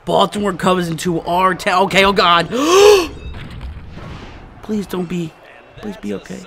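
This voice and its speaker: A man hosting a gaming channel, giving live let's-play commentary and reacting excitably to each play. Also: high-pitched, normal speed, gravelly, slight background noise. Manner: excitable, yelling and groaning at plays.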